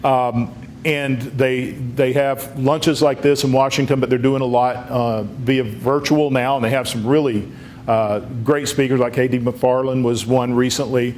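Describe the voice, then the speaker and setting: A man's voice: medium pitch, fairly even intonation, a little slow, darkish tone, a little hiss or hum. A man giving a political talk at a luncheon, telling stories in a folksy way with many restarts and rising for emphatic points. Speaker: congressman speaking at a luncheon. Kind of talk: political speech.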